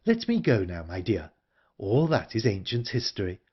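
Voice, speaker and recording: A man voicing a calm, composed older woman in an audiobook, speaking in a measured way. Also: on the low side, husky, muffled recording, heavily acted. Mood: calm, wistful. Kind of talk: audiobook character reading.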